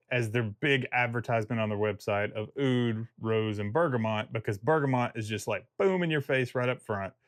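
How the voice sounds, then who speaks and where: A man's voice: mid-range voice, a bit bright, no room sound, clean studio sound. A man giving a casual video review of a fragrance, rambling and joking and often breaking off mid-thought. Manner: rambling, self-interrupting, jokey.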